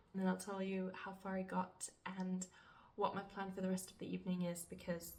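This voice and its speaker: A woman's voice: medium pitch, slight background noise, rough recording. A young adult woman vlogging casually to camera about her reading, chatty and rambling, with lots of "like" and some blunt swearing. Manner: chatty, rambling, heavy use of "like". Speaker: book vlogger. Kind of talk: casual vlog chat to camera.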